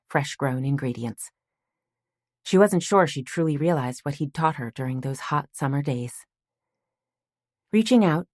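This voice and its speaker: Calm, measured storytelling comes from a low-voiced woman, an audiobook narrator reading scripted narration at an even pace. The recording is close and dry, with no room sound at all.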